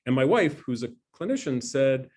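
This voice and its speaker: A man's voice: mid-range voice, sing-song, normal speed, a little mellow. Earnest middle-aged man giving a talk. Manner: conversational, earnest, self-deprecating. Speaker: scientist giving an alumni talk. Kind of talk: presentation talk. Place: home dining room.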